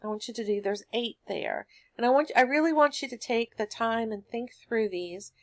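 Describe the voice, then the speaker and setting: A woman's voice: a little high, moderate pace. Woman teaching a grammar lesson. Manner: patient, explanatory, steady classroom pacing.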